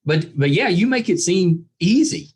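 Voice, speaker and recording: A man hosting a podcast interview, friendly and quick to laugh, nodding along with short replies. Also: high voice, expressive, husky. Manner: friendly, laughs often, fills with yeah. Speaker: podcast host. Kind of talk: casual interview chat.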